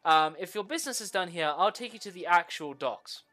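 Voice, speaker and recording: A man narrating as the game master of a tabletop game, pausing often with fillers while he describes scenes. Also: high-pitched, expressive, sharp tone, soft background music.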